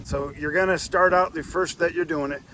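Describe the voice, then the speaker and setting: A man's voice: a little high, fairly even intonation, moderate pace, background noise. Plainspoken man teaching duck calling. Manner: plainspoken, repeats himself, demonstrates calls between explanations. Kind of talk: instructional demonstration.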